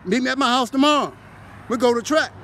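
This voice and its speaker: A man with a very high-pitched voice talks in a streetwise, animated way, acting out heated arguments. He's sitting in a car, and loud wind noise buffets the microphone. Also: quick pace. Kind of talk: casual storytelling monologue.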